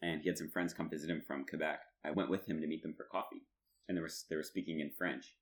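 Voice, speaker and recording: Deep-voiced young male podcast co-host, casual, laughs a lot while telling stories. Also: fast talker. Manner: laughs often, animated storytelling. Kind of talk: casual chat.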